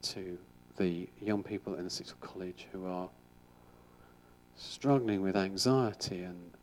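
A man's voice: low-pitched, takes it slowly, a little mellow, slight background noise. A middle-aged man, a school chaplain, giving an informal sermon in a chatty, rambling way with frequent restarts.

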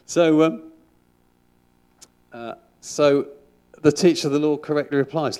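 A man's voice: fairly high pitch, measured pace, long pauses, darkish tone, clear, resonant tone. A middle-aged man, a school chaplain, giving an informal sermon in a chatty, rambling way with frequent restarts.

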